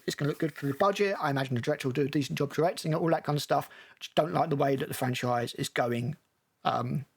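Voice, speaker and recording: A man's voice: fairly high pitch, vocal fry, slightly rough. A male film critic giving blunt, sarcastic, profane commentary while reacting to a movie trailer.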